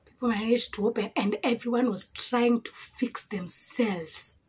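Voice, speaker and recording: A young woman from Africa, a beauty vlogger chatting through an animated storytime while doing her makeup. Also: a little high, measured pace, husky. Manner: animated storytelling with dramatic reactions.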